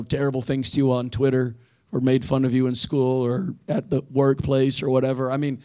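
A man's voice: mid-range voice, darkish tone. A man in his thirties who pastors a church, preaching a sermon in an earnest, conversational way and repeating emphatic phrases. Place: church sanctuary.

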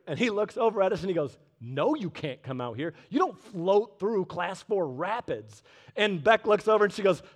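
A man in his thirties preaching a sermon, a lively storyteller who drops in joking asides. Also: a little high. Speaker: pastor. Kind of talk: sermon with personal stories.

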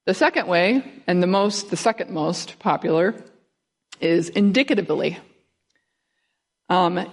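Woman speaker, sermon, lower-pitched, conversational, quizzes the congregation. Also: measured pace, breathy edge. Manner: conversational, asks the audience questions. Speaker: guest speaker. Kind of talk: sermon teaching.

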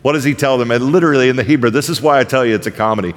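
A man preaching a conversational sermon to a congregation, often checking in with "right?" and acting out quoted voices with sarcasm. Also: rapid-fire. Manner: acts out quoted voices with sarcastic rises in pitch. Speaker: pastor. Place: church sanctuary. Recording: hall reverb.

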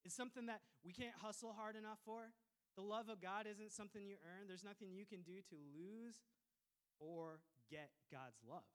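A pastor from Minnesota preaching a sermon, lively and joking, with quick asides to the congregation. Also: male voice, high-pitched, clear, resonant tone. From Minnesota, USA.

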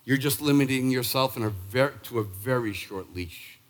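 Emphatic sixty-something preacher man. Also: normal speed. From Boston, Massachusetts. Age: 60s. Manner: emphatic, punchy preaching with sudden rises in pitch and volume. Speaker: pastor. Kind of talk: sermon. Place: church sanctuary.

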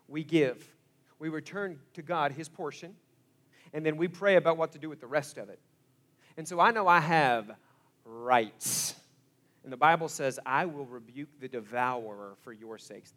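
High-voiced, animated male preacher. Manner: animated storytelling, swinging from hushed to loud exclamations. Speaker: pastor. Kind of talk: sermon.

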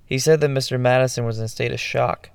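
A man narrating a first-person horror story in a measured, ominous storytelling manner. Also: medium pitch, steady tone, creaky, clean tone, dry recording. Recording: narration over music.

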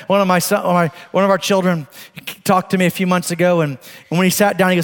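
A middle-aged male pastor preaching a sermon, moving between emphatic exhortation and soft, chatty storytelling. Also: sits high, flat delivery, quick pace, in a large hall.

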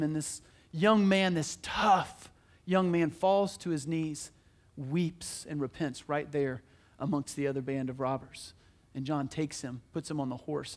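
A man preaching a sermon as pastor, telling a story in an animated, emphatic, conversational way in a church. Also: fairly high pitch.

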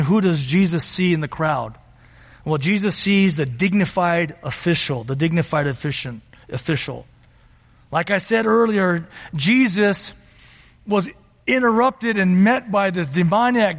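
A man preaching a sermon as pastor, earnest, slowing down for emphasis and acting out quotes. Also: high-pitched. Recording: reverberant hall.

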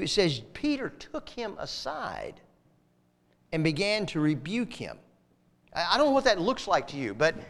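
Lively preaching man with reverb. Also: high-pitched. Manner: animated, swings from emphatic to near whisper. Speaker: pastor. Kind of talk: sermon.

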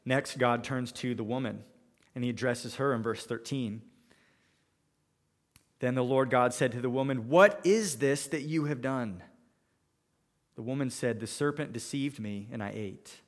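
A man's voice: mid-range voice, steady tone, moderate pace, in a large hall. A man preaching a sermon, walking through scripture verse by verse and voicing the characters in his own paraphrases. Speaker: pastor.

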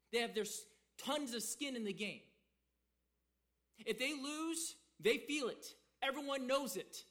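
A man from the South, preaching a sermon in an animated way, acting out quotes and repeating words as he goes. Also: extremely high pitch. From American South. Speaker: pastor.

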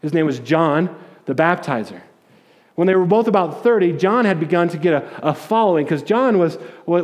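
A man preaching a sermon, retelling a story in a casual, animated way with jokes and acted-out quotes. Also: sits high. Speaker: pastor.

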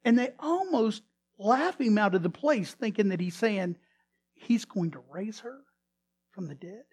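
A male pastor preaching a sermon who retells a story dramatically and often restarts or repeats his words. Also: sits high. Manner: dramatic storytelling, swinging between loud emphasis and hushed tones.

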